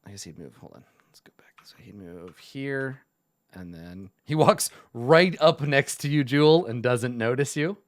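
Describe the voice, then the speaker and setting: Game master with a lively voice. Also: mid-range voice, moderate pace. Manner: rambling, filler-heavy narration. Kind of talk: narrating a tabletop game.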